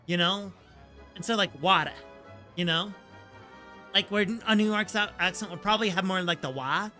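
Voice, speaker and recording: A man's voice: high voice, fairly even intonation, normal speed, pushed and bright. A man streaming a game and chatting casually, rambling with lots of "like" fillers and laughing easily. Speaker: streamer and voice actor. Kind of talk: casual gaming stream chat. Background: faint game music.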